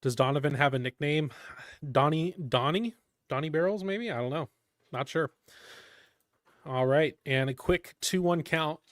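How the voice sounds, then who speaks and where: A man giving live fan play-by-play of a baseball game, calm between pitches and shouting on big plays. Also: normal speed, long pauses, no room sound. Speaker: fan commentator.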